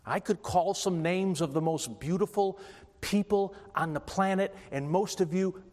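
A man's voice: high voice, a little slow, darkish tone. A man preaching a sermon, emphatic and repetitive, often restarting his phrases. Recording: long reverb from a hall.

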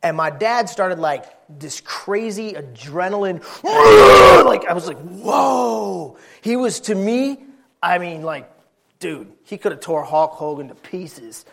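Man, preacher, high voice, folksy storytelling sermon, emphatic. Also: measured pace, a bit bright.

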